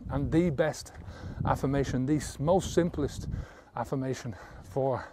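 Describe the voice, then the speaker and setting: In this motivational talk to camera, a sobriety coach speaks with a medium-pitched, unhurried, warm voice over slight background noise. He's earnest and blunt about quitting drinking, swearing casually and checking in with "right?" along the way.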